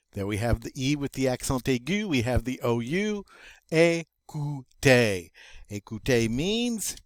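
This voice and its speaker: A man teaching French vocabulary as a lesson, slow and playful with little jokes along the way. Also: medium pitch, no echo. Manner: slow, playful, jokey asides.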